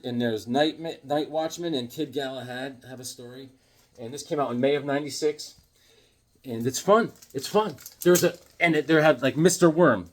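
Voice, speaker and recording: A man casually shows off his comic books in an enthusiastic, rambling way, full of restarts and filler words. His loudness swings as he leans toward and away from the mic. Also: mid-range voice. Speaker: comic book reviewer. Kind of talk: casual comic book show-and-tell.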